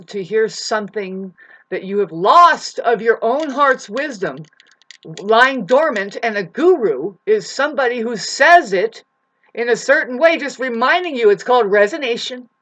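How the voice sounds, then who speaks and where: A self-styled spiritual teacher giving a profane, preachy monologue, swinging between shouting and muttering. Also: mid-range voice. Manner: preachy, lecturing the listener.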